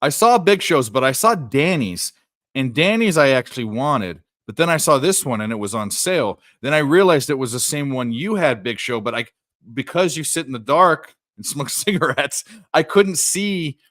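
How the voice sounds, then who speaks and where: A man's voice: medium pitch, lively intonation, normal speed, fairly bright tone, no room sound, studio quality. A man co-hosting a live sports betting stream, rambling and swearing, breaking off to react to the games. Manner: rambling, profane, jokey, stops to react to games. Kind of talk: casual live-stream chat. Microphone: desk microphone.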